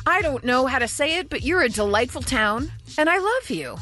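A woman's voice: sits high, lively intonation, moderate pace, few pauses, pushed and bright. A woman hosting a radio show, reading entertainment news and teasing her co-hosts. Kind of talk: morning radio banter.

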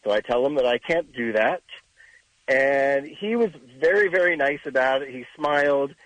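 A man calling in to a radio show, telling a story in a calm, even way. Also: mid-range voice, moderate pace, no echo, rough recording. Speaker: caller.

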